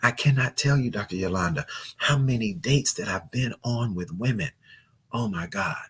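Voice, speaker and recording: A man hosting a live dating-advice chat, preaching to viewers in an animated, joking way. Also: mid-range voice, normal speed, breathy edge. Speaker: dating coach and host.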